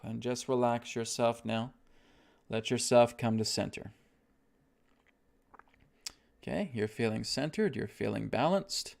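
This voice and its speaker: Gravelly-voiced man leading breathing exercises. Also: medium pitch. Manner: slow, soothing, repeats "right?" and "okay?". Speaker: spiritual teacher. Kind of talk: guided self-help talk.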